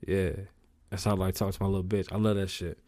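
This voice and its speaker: A man hosting his own show alone, talking in a casual, rambling rant full of swearing, his pitch jumping up when worked up. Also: quick pace. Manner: profane, rambling, animated swings in pitch. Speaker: podcast host.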